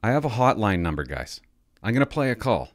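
An older man hosting his own video channel, talking casually in a rambling, self-conscious, halting way. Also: on the low side, very animated, dry recording, clean studio sound. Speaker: channel host. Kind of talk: casual vlog chat.

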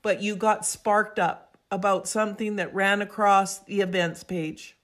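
A woman guest on a podcast, telling an animated, emphatic story and acting out voices as she goes. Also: mid-range voice, a little slow. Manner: acts out quoted voices, expressive and emphatic.

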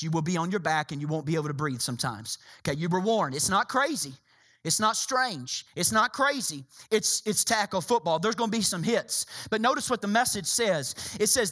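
Male pastor, lively, bright-toned delivery, preaching to a church congregation. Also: extremely high pitch. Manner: animated preaching, repeats phrases, rises to shouts. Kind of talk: sermon. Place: church hall.

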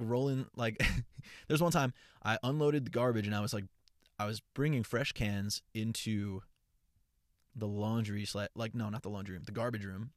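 A young man hosting his own podcast from inside a car, chatting casually in an energetic, profane, rambling way with lots of restarts. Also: lowish voice, no room sound, clean studio sound. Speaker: podcast host and content creator. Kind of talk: casual solo podcast chat. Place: parked car.

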